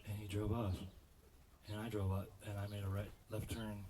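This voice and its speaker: A man's voice: on the low side, level tone, moderate pace, noisy background. A man doing stand-up, telling a rambling story full of restarts. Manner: rambling, self-correcting delivery. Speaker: stand-up comedian.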